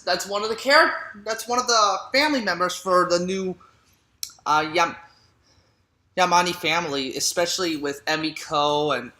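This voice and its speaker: A man's voice: fairly high pitch, pushed and bright. A man giving a casual movie recap, rambling and full of fillers and restarts. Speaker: movie reviewer. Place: room at home. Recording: roomy echo.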